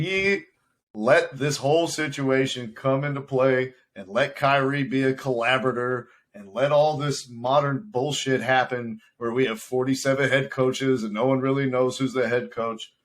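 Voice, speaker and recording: A man's voice: medium pitch, fairly bright tone. A man co-hosting a sports podcast, arguing heatedly and firing off rhetorical questions in casual debate. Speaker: podcast co-host.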